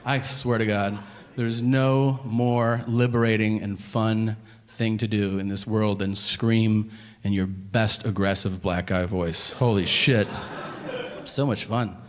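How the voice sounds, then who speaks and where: A male stand-up comedian in his forties, telling animated, profane stories on a club stage and slipping into voices for the people in them. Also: on the low side, slow, long reverb tail. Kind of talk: stand-up routine. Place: comedy stage before a laughing audience. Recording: noisy live club recording.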